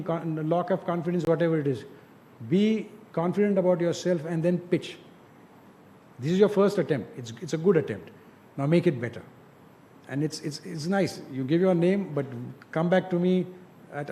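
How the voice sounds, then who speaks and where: A man's voice: high-pitched, dark tone. A man giving direct, coaching advice to students in an informal talk, often asking rhetorical questions. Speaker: industry speaker mentoring students.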